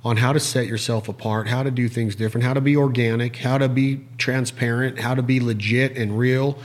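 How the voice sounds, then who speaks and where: A man's voice: mid-range voice, a little fast. A man co-hosting a casual talk show, telling a story with energy and acting out the people he quotes. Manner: animated storyteller, acts out quoted voices.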